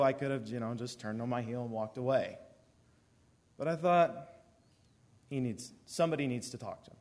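A young man speaking in an ordinary middle-pitched voice. He tells a personal story to a listening audience, earnest and sincere throughout. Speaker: youth speaker.

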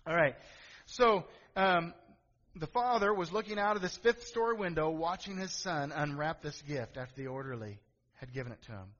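A middle-aged male pastor preaches a sermon, telling a story with asides to the congregation and building to emphatic calls. His voice is a little high and fairly bright, with lively intonation at normal speed. The recording sounds dull and lo-fi, in an echoey hall.

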